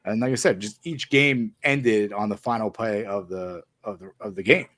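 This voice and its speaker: A man's voice: lowish voice, moderate pace, a bit bright, no echo. A man hosting a casual sports podcast, recapping games hesitantly with many fillers and handing questions to his co-hosts. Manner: hesitant, filler-heavy, steers the talk with questions.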